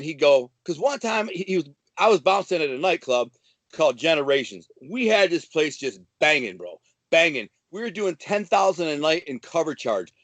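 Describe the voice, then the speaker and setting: High-voiced man telling swaggering tales. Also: no room sound. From Detroit. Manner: swaggering, animated, profane. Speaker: guest. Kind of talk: casual storytelling.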